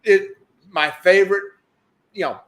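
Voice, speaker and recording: Stammering man, higher-pitched voice. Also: measured pace. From United States. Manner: stammering restarts, reflective. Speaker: co-host of a travel live stream. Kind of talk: casual live-stream chat.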